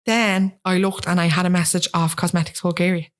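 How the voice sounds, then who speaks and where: A woman's voice: fairly low pitch, fairly quick. Chatty Dublin woman in her thirties. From Ireland. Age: 30s. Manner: animated storytelling, acts out quoted voices. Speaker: guest. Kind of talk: casual interview chat.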